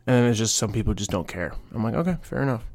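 Gravelly low-voiced man chatting on a podcast. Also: expressive, quick pace, darkish tone, no echo. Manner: rambling storytelling with quoted voices and asides. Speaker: podcast host. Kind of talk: casual solo podcast chat.

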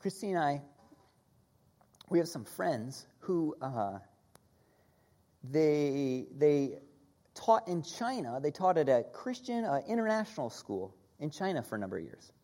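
A woman preaching a sermon, teaching in an animated way, stressing key words and leading her listeners in repeating after her. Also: deep voice, measured pace, pauses often. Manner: animated teaching, leads the audience in call-and-repeat.

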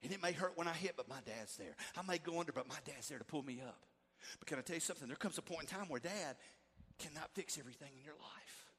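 High, bright-voiced preacher. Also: male voice, fast, slightly rough. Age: middle-aged. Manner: animated preaching, swings from loud to hushed. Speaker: pastor. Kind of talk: sermon. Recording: echoey hall.

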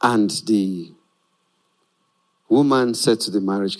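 A man preaching a sermon in an animated way, often laughing and acting out the people in his stories. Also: high voice, slow, pauses often.

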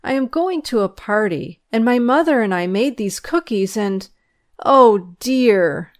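A woman's voice: fairly high pitch, expressive, unhurried, no room sound, studio quality. Woman doing a sweet first-grade girl. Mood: tearful. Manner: earnest, eager.

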